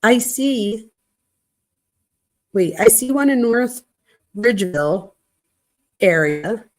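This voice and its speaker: A woman's voice: on the high side, expressive, takes it slowly, a little mellow, slight background noise, pitched above the performer's own voice. A woman reading aloud the angry text messages of a young woman to her boyfriend. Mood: irritated.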